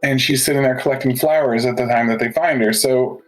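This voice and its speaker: Podcast guy talking anime, keeps going "you know what i mean", mid pitch, music faint behind. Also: steady tone, fairly quick, rough recording. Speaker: podcast co-host. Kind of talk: casual anime review chat.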